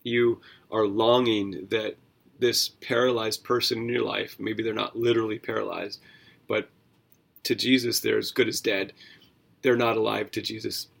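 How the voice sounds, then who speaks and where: Male podcast host, low gravelly voice, earnest conversational commentary with asides. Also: level tone, moderate pace, fairly bright tone. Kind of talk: devotional Bible commentary.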